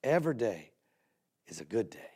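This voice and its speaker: Middle aged guy doing a christian tv show, gravelly voice, chatty preachy stories, says stuff twice. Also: on the low side, sing-song, normal speed, a little mellow, a little hiss or hum. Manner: conversational, repeats phrases for emphasis. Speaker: host of a Christian television broadcast. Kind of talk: folksy sermon storytelling.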